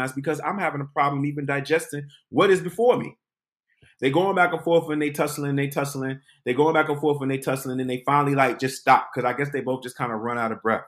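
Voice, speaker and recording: A man hosting a podcast, telling a comic story in an animated, dramatic way. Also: mid-range voice, fast. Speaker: podcast host. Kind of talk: comedic storytelling.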